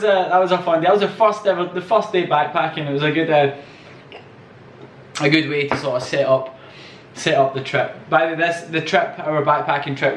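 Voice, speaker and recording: Rambling, profane and often laughing, a young man shares casual travel anecdotes as a vlogger. His voice is medium in pitch, and he sounds distant from the mic in an echoey room, with a bit of hiss or hum.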